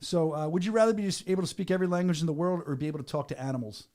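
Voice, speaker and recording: A man hosting a sports podcast, joking and hurrying through questions in an excitable way. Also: on the high side, rapid-fire. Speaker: podcast host and venue announcer. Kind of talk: casual podcast chat.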